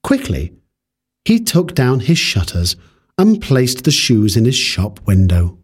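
A man reading a fairy tale aloud in a measured, expressive way. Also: medium pitch, slightly rough. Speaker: storyteller.

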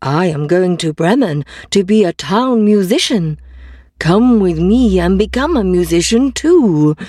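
A woman's voice: fairly low pitch, animated, a little slow, mellow, no echo. A woman voicing a friendly old male donkey in a fairy tale reading.

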